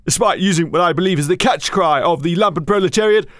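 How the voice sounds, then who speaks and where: A man's voice: sits high, quick pace, a bit bright, dry recording, clean studio sound. A man playing a pompous older aristocrat lord with a haughty, plummy drawl in a satirical radio sketch. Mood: snobbish.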